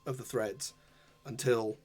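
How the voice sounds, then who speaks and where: A man narrating a tabletop role-playing game as game master, describing scenes slowly and deliberately. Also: mid-range voice, steady tone, a little mellow, husky.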